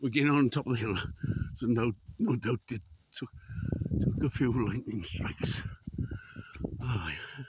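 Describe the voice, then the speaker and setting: A man's voice: medium pitch, lively intonation, a little slow, long pauses, slight background noise. A man walking up a hill outdoors at dawn, chatting to the camera, exclaiming and swearing at the sheep around him. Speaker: vlogger. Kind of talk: casual running commentary while walking.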